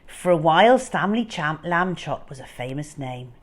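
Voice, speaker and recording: A woman reading a children's storybook aloud, expressive and unhurried. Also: low voice.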